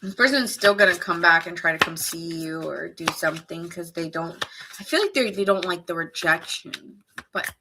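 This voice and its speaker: A woman's voice: fairly low pitch, normal speed, noisy background. A woman giving a casual live tarot reading, chatting and reacting to viewers' comments and laughing often. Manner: laughs often, muses aloud. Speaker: tarot reader.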